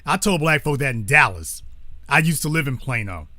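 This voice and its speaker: Blunt, forceful male talk host. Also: medium pitch, lively intonation, normal speed, no room sound, studio quality. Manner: blunt, profane, digressive, corrects himself aloud. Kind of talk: call-in talk show commentary.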